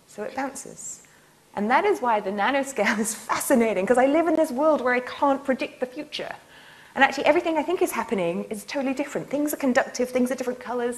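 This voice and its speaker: A woman lecturing in a university hall. Her voice is a little high and very animated as she jumps through stories with playful enthusiasm. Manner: playful, enthusiastic storytelling with laughs. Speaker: nanotechnologist giving a public lecture. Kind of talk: lively public lecture.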